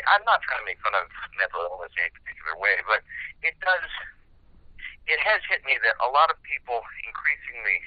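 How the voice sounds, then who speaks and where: A man who writes sketch comedy, talking reflectively with many pauses and fillers. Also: mid-range voice, no echo, highs cut off. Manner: halting, thoughtful, many fillers. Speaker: sketch writer on a radio show. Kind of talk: reflective conversation.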